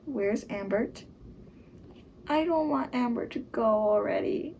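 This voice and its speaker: A young woman chatting casually as she reacts to a book she is reading, emotional and quick to exclaim. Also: a little high, lively intonation, darkish tone, lo-fi sound, slight background noise. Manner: emotional, exclaims and gasps at the story.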